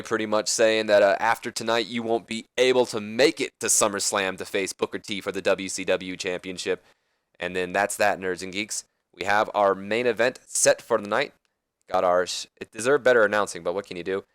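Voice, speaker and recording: A man's voice: fairly low pitch, fairly even intonation, fairly quick, fairly bright tone, clear, resonant tone, no echo. A man giving casual, rambling commentary on a wrestling management game, correcting himself as he goes. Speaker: let's play commentator.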